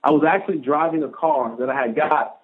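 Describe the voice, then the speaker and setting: Guy in his 30s, kinda high voice, tells his story lively, sounds like a phone line. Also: a little fast. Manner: animated storyteller acting out quoted dialogue. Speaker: podcast guest, former pro football player. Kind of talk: storytelling in an interview.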